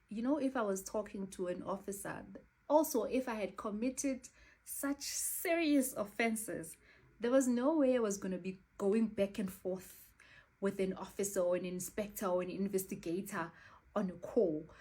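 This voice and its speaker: A South African woman retelling a scam call in a casual storytime vlog, animated and exasperated. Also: mid-range voice, husky.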